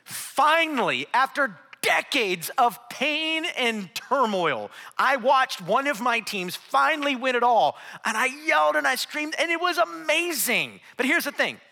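A man's voice: extremely high pitch, measured pace, creaky, few pauses. A middle-aged man preaching a sermon, telling humorous stories and tossing asides to the congregation. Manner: humorous, animated storytelling with crowd asides. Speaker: pastor. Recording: long reverb of a large hall.

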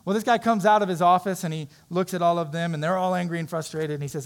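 A man's voice: sits high, steady tone, fast. A man preaching a sermon as pastor, telling a story in an earnest, conversational way.

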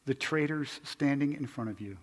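A man's voice: mid-range voice, normal speed. Man preaching in a reverberant hall. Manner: conversational preaching, swings between loud emphasis and hushed quiet. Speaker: pastor. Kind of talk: sermon.

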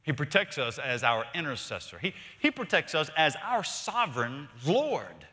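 A man preaching a sermon as pastor, emphatic, swinging from loud to hushed and repeating words for stress. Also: on the high side, big pitch swings, moderate pace. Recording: long reverb of a large hall.

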